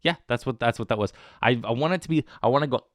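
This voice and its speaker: A man's voice: medium pitch, fast talker, dry recording, clean studio sound. A man hosting a casual solo podcast, rambling and joking at his own expense, wired on coffee. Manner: rambling, self-mocking and jokey. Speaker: podcast host.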